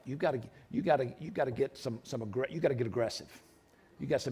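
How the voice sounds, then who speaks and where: A man preaching a sermon in church, repeating lines for emphasis and breaking into loud shouts. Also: medium pitch, fast, husky. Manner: preaching with sudden shouted outbursts; repetitive, emphatic delivery. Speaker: pastor. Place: church sanctuary.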